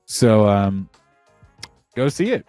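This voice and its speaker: A man in his thirties co-hosting a podcast in casual chat, rambling and excitable, swearing often, with a parent's warmth about films. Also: lowish voice, slow pace, clear, resonant tone, dry recording, faint music behind. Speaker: podcast co-host.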